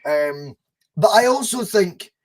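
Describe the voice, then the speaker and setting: A Scottish man hosting a casual podcast, animated and chatty, acting out little scenes as he tells stories. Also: high-pitched, slow pace. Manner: animated storyteller, acts out voices in anecdotes. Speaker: podcast host.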